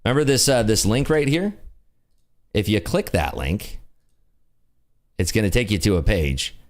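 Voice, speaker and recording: A man's voice: on the low side, very animated, normal speed. A man hosting a live day-trading stream, chatting in an upbeat, jokey way. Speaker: day-trading livestream host. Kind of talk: casual live commentary.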